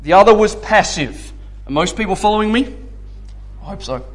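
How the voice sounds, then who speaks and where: High-voiced man preaching a teaching sermon. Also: animated, moderate pace. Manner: conversational, keeps checking in with the audience. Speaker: preacher teaching a Bible study.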